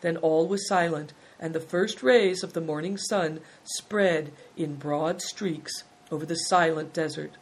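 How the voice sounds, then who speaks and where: A woman narrating a children's adventure story in a calm, measured reading. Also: deep voice, breathy edge.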